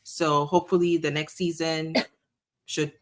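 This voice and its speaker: A woman from Ghana, an engineer and podcast guest, explaining things in a measured way with frequent ums. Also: deep voice, level tone. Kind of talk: casual interview chat.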